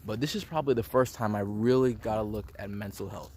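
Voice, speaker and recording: A man's voice: lowish voice, quick pace, darkish tone, slight background noise. A young man talking in a casual, rambling personal monologue, full of slang and filler words. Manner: slangy, rambling, says bro and dude a lot. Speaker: self-improvement vlogger.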